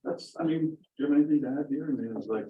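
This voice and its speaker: A man's voice: a little high, fast talker, muffled recording. Indignant man speaking from across a meeting room. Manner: emphatic, indignant, repeats points for stress. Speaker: resident speaking at a town board meeting. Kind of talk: public comment at a meeting. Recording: roomy distant meeting-room audio.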